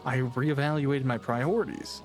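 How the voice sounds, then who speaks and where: A man's voice: mid-range voice, a little slow, faint music behind, lightly acted. A man voicing Cha-Cha, a small male masked creature who brags and exaggerates in broken pidgin. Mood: bragging. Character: bragging tall-tale-telling small male masked creature.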